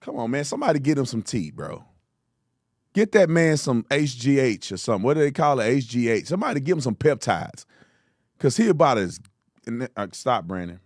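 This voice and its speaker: A man hosting political commentary, mocking and animated with loud outbursts. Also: mid-range voice, a little fast, dry recording, clean studio sound. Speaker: host.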